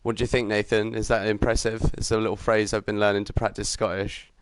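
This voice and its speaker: A man giving upbeat live commentary on a sim racing league stream, chatting with viewers and filling pauses with ums and uhs. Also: on the low side, level tone, clear, resonant tone, no room sound. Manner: greets chat viewers while commentating.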